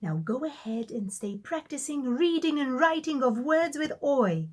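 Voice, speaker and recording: A woman teaching a children's phonics lesson, modelling sounds slowly and praising the class. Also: sits high, lively intonation.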